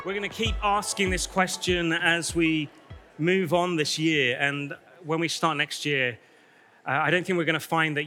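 A man's voice: on the high side, steady tone, normal speed, pushed and bright, faint music behind. A man preaching a sermon to his church, enthusiastic and emphatic, repeating key lines for effect. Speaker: pastor. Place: church hall with congregation. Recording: reverberant church hall.

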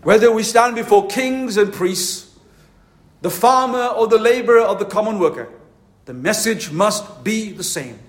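Fervent high-voiced male preacher. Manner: fervent, emphatic preaching with slow stressed phrases. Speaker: pastor. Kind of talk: conference sermon. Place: conference hall.

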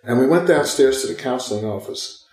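Animated older man telling a story. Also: medium pitch, a little fast, reverberant, poor audio. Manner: animated, acts out both sides of dialogue. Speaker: retired professor and guest. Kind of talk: storytelling interview.

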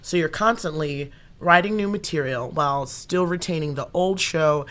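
A young woman comedian and actor, chatting in a casual interview. Her voice is bright and forceful, and she tells her stories with animation, acting out the lines of everyone involved. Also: low voice, normal speed. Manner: animated storyteller who acts out quoted dialogue.

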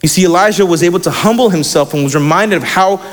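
A man's voice: sits high, fast talker, in a large hall. A young man preaching a sermon in a casual, slangy way, reading scripture aloud between asides.

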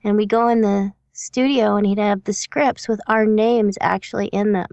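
A woman's voice: mid-range voice, fairly even intonation, moderate pace, darkish tone, no room sound, lo-fi sound. A woman hosting a casual interview, chatty and reflective, with many fillers as she thinks aloud. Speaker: interview host and voiceover performer.

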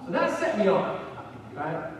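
High-voiced preacher in an echoey hall. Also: male voice, a little slow, noisy background. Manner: conversational, repeats words when animated. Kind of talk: sermon. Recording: echoey hall, far from the mic.

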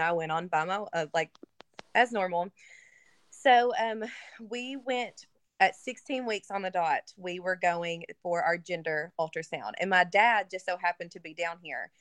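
A woman's voice: lowish voice, normal speed, a bit bright, dry recording. A woman guest in a conversation, telling an emotional personal story in a casual way with many fillers. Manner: casual, filler-heavy, earnest. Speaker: interview guest. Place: lives in Kentucky.

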